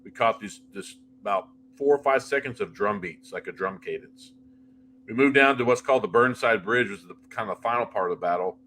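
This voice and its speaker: A middle-aged paranormal investigator tells animated anecdotes in a casual interview, talking freely, stacking one example onto the next, and often restarting sentences. His voice is on the low side and a little fast, with slight background noise.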